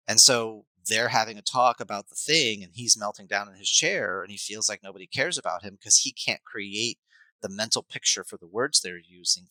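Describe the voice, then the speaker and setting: A middle-aged man, a life coach and hypnotherapist, talking at length as a podcast guest and acting out scenes with sudden loud bursts. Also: lowish voice, no room sound, low-quality recording. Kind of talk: podcast interview, explaining at length.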